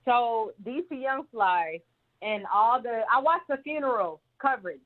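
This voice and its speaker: A woman calls in to a live talk show and rambles through her opinions. She sounds fairly high-pitched, and her voice comes through a thin, tinny phone line. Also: expressive, moderate pace. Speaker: caller. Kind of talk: call-in opinion.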